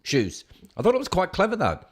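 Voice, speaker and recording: A man's voice: high-pitched, wildly swooping pitch, brisk, husky. A man hosting his own show, reading out news headlines and mocking them in a sarcastic, scoffing rant. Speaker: show host. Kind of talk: casual news commentary rant.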